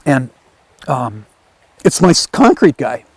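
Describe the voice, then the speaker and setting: Slow and mid-range, this man's voice comes through with slight background noise as he teaches a video class in the countryside where he lives. His story is told conversationally and with energy, and he performs the other characters' lines himself.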